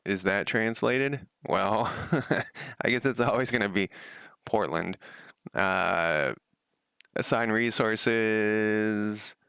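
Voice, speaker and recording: A man's voice: fairly low pitch, extremely slow, vocal fry, sharp tone, smooth, no echo, studio quality. A man streaming himself working on a game at home, thinking aloud in a casual, rambling way and often correcting himself. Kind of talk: casual live-coding commentary.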